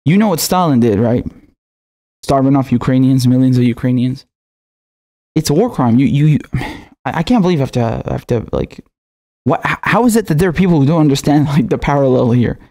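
A man's voice: mid-range voice, lively intonation, fairly quick, dark tone. A man hosting a political commentary show, ranting with anger and heavy swearing, often stammering and restarting. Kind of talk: heated video commentary.

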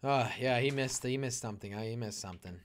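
A man's voice: medium pitch, quick pace, slight background noise. A young man streaming live gameplay, exclaiming and fretting aloud and answering his chat. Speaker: gaming streamer.

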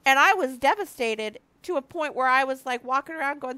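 With a bright, forceful, high-pitched voice and lively intonation, this woman speaks briskly with few pauses, and there's no echo. In her early fifties, the marriage ministry speaker gives her viewers an earnest, confessional devotional talk, close to tears and often restarting her sentences.

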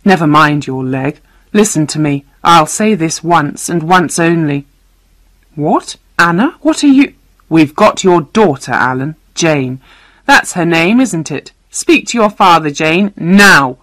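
Storybook villain: a soft-voiced, cruel woman, voiced by a woman reader, low and slow. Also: animated, no room sound. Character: soft-spoken, cruel female terrorist.

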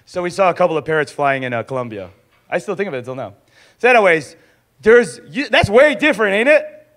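A young adult man teaching in a sermon style, lively and acting out little dialogues as he goes. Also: high-pitched, quick pace. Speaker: pastor teaching a discipleship school.

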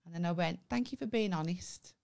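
This comedy podcast co-host has a fairly low, gravelly, slightly mellow voice and talks a little fast. Her casual storytelling is animated, full of acted-out quotes and free swearing.

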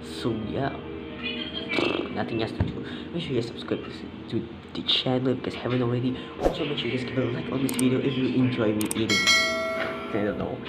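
Young guy vlogger, rambly and unsure, talks over loud music. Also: medium pitch, a little fast, poor audio. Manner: rambling, hesitant, with many fillers. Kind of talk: casual vlog chat.

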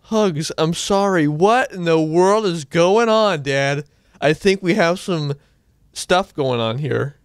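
Excitable man with a lively high voice. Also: takes it slowly, smooth, dry recording. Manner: excitable, playful, bursts into high yelps. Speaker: gameplay channel host. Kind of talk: casual let's-play banter.

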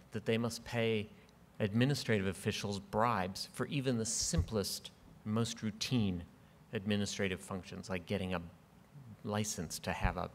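Middle-aged man, lowish voice, earnest podium speech with ums and dry wit, long hall reverb. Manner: measured, earnest, with frequent ums and dry humor. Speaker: award recipient giving an acceptance speech. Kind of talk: formal acceptance speech. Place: large ceremony hall.

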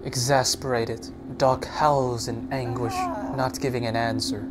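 A man's voice: mid-range voice, flat delivery, measured pace, music in the background. A man narrating an audiobook in a dramatic storytelling manner. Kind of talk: scripted narration.

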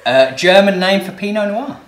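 A man's voice: sits high, lively intonation, moderate pace. A man hosting a wine channel, presenting a pronunciation quiz in an upbeat, jokey way. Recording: roomy sound with light music.

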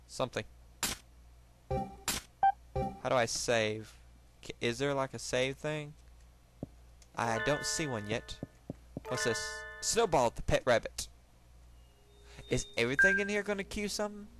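Excitable young man commenting on a game. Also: medium pitch, measured pace, long pauses. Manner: excitable, jokey, reads game text aloud. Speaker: let's play host. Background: game music.

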